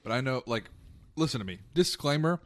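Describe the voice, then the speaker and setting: A man's voice: medium pitch, animated, brisk, no room sound. A man co-hosting a podcast in casual chat, talking in an offhand way that sometimes stalls and restarts. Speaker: podcast co-host.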